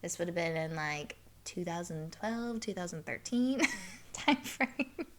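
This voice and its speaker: A woman's voice: lowish voice, expressive, measured pace. A woman hosting a podcast, telling a story in a casual, chatty way with laughs and plenty of fillers. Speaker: podcast host.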